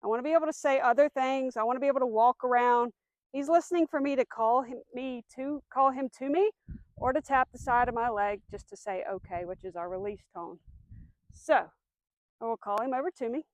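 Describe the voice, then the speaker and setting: A woman dog trainer giving a demonstration outdoors, explaining steps clearly, giving firm commands and soft praise to the dog. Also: a little high, brisk, no room sound.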